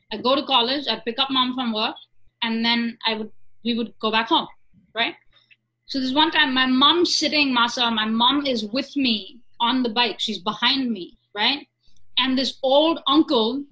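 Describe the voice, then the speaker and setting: A woman's voice: fairly high pitch, poor audio. A woman in her twenties, talking casually and telling a story with many "right?" and "you know?" asides. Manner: animated, asks "right?" and "you know?" often.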